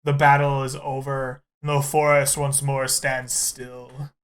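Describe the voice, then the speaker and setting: A man's voice: mid-range voice, completely flat delivery, fairly bright tone. A man running a tabletop game as game master, narrating the action with frequent laughs. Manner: unhurried, laughs often.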